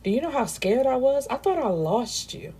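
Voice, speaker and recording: A woman's voice: on the high side, sing-song, moderate pace, dark tone, breathy edge, pitched above the performer's own voice, exaggerated voice. A woman voicing a remorseful young man pleading with the woman he loves, in a book recap. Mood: anguished. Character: heartbroken guilt-ridden young man.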